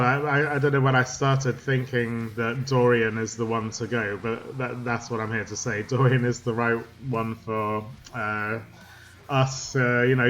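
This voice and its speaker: Halting man explaining music theory. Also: mid-range voice, a bit bright. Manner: halting, many ums and restarts. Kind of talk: casual spoken explainer.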